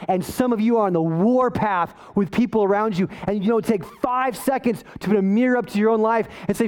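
A man's voice: sits high, darkish tone. A man preaching a sermon, telling a self-deprecating story in a conversational way before building to emphatic preaching. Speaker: pastor.

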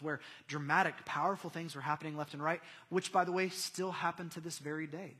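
A man's voice: fairly high pitch, pushed and bright, slightly rough. A young adult man preaching a sermon in a church, casual and conversational, rising to emphatic passages. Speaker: pastor. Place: church hall. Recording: long reverb of a large hall.

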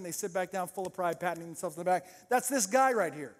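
High-voiced guy preaching a sermon, hams up the sarcastic bits, big echoey church. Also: fast talker. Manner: animated storytelling, acting out sarcastic voices. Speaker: pastor.

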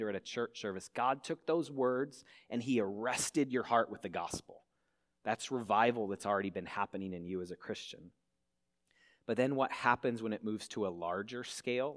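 A man pastor preaching a sermon in a church, earnestly asking his listeners questions. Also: fairly low pitch. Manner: earnest, asks the congregation many questions. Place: church hall.

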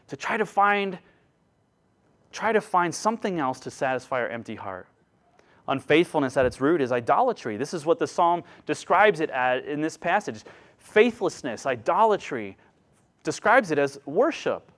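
Delivering a sermon with real earnestness, a high-voiced, middle-aged pastor performs the voices of the people he quotes. His delivery moves from loud, emphatic stretches to quiet asides.

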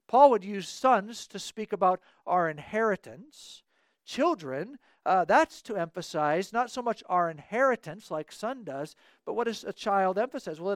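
A man's voice: high voice, dry recording, studio quality. A man preaching a sermon as pastor, earnest, repeating key phrases and asking the congregation rhetorical questions.

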